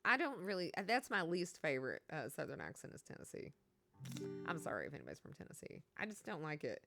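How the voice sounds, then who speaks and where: A woman's voice: low voice, very animated, quick pace, vocal fry, music in the background. A woman from Kentucky with a Kentucky accent, chatting casually on a stream and reading out chat, rambling and laughing as she talks.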